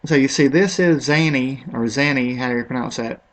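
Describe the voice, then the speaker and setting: A man with a mid-range voice talks a little fast in a casual screen recording comparing products. He's offhand and rambling, and he stumbles over how to pronounce some words.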